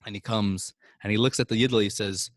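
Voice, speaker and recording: A man's voice: fast, dry recording, clean studio sound. A man telling Hasidic stories to children as a teacher in an online class. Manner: animated, with sudden swings of pitch. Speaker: storyteller teacher. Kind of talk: storytelling for children.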